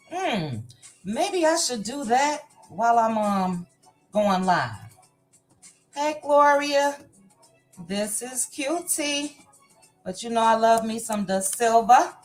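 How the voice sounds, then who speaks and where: A woman's voice: fairly high pitch, sing-song, slow, long pauses. A woman hosting a livestream, greeting her viewers by name one after another in a casual, chatty way. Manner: reads viewer names in a warm, chatty run of hellos. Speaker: livestream host. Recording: faint music behind the voice. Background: faint background music.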